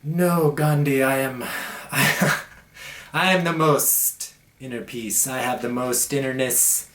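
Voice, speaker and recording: A man voicing a smug, serene holy man who boasts slowly and loftily about his inner peace. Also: medium pitch, a bit bright, echoey room. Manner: slow, lofty, self-satisfied.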